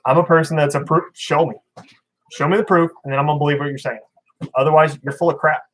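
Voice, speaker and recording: A man's voice: fairly high pitch, fairly even intonation, quick pace, low-quality recording. Blunt, rambling man hosting a fishkeeping stream. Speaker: fishkeeping channel host. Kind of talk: casual livestream chat, reading viewer comments.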